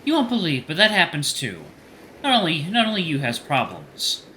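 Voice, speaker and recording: A man's voice: a little high, wildly swooping pitch, normal speed, bright, forceful tone, a little hiss or hum, voice pushed up, full character voice. A man doing cold, curt teen boy Seth. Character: moody teenage boy Seth, cold and withdrawn.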